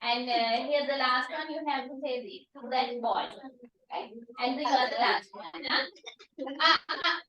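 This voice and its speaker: A woman teacher directing pupils where to stand, in a halting way. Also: high-pitched, sharp tone, dull audio. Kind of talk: classroom instruction. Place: classroom. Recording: echoey room, far from mic.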